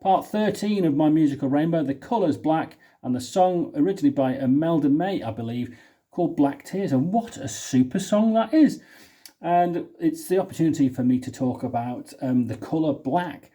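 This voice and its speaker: A man's voice: fairly high pitch, animated, moderate pace, warm tone. Chatty man vlogging. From United Kingdom. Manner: rambling, thinking aloud with many restarts. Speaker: singer and video host. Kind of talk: casual spoken vlog talk. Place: indoor room.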